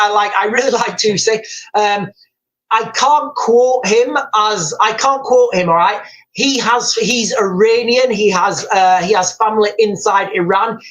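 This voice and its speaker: A man's voice: sits high, rough recording. A man hosting a live commentary stream. He talks urgently and informally, repeats his points and keeps calling his viewers "guys".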